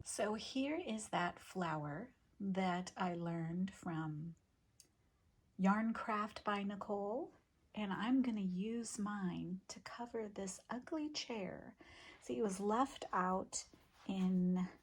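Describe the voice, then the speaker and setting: A woman's voice: mid-range voice, slow, slightly rough. A woman hosting a crochet podcast, chatting casually to camera about her projects, rambling with asides to viewers. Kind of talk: casual show-and-tell chat to camera.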